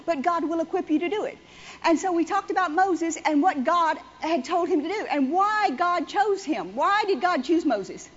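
A woman delivers a sermon in a conversational, repetitive way, driving her points home. Her voice sits high. The recording is dull and lo-fi. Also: animated, moderate pace. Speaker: church speaker.

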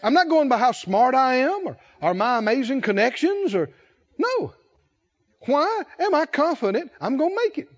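A man with a strikingly high voice delivers an impassioned sermon from the pulpit. He drives home his points by repeating phrases and swelling toward shouts. The recording sounds a little dull and muffled. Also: very animated, normal speed. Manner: emphatic preaching, repeating key phrases with rising intensity. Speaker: pastor.

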